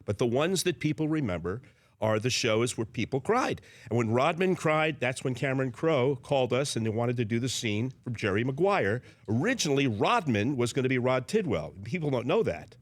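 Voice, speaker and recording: A man's voice: medium pitch, normal speed, no room sound, clean studio sound. A man, a veteran sports interviewer, telling chatty anecdotes as a guest and acting out the quotes. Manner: animated, chatty, acts out quotes. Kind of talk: anecdotal storytelling.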